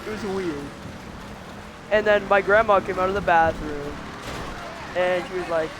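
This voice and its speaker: A podcast co-host with a notably high voice for a man rambles through a story, laughing between fillers. Steady hiss runs under the recording. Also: normal speed, pauses often. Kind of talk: casual storytelling.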